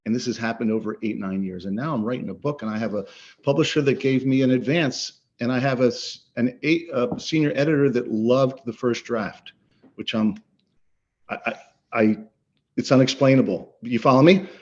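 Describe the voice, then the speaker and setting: An earnest middle-aged man speaking as an interview guest, mid-pitched and emphatic, repeating words for stress. The audio is slightly dull and lo-fi, like a video call. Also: moderate pace, darkish tone. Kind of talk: interview conversation.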